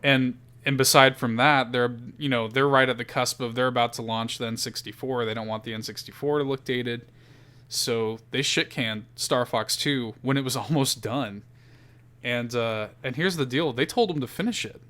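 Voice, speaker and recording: A man hosting a casual podcast chat, animated and profane, laughing often. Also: mid-range voice, normal speed. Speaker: podcast host.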